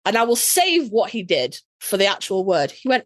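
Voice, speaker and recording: A woman's voice: on the high side, fairly quick, few pauses, dry recording, clean studio sound. A woman from Yorkshire with a Yorkshire accent, telling a story in a casual podcast chat, sassy and full of swearing. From Yorkshire, England. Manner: sassy, profane, animated storyteller. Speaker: podcast guest.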